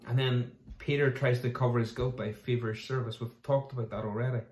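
A man preaching to his congregation in a relaxed, chatty way. He slips into quick little voices for the people he quotes. His mid-pitched voice carries the echo of a roomy hall. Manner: conversational, acts out quoted voices. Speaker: pastor. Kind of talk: sermon.

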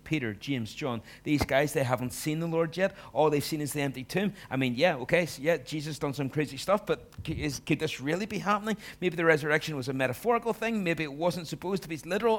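A man preaching a sermon, acting out the disciples and moving between hushed lines and loud ones. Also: on the high side. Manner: animated, acts out the disciples' voices, swings from hushed to loud. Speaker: pastor.

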